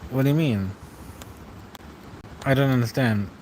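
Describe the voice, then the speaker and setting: A man's voice: medium pitch, a little slow, a little mellow, a little hiss or hum, poor audio. A young man streaming late at night, reading out chat and answering in a rambling, casual way with frequent chuckles.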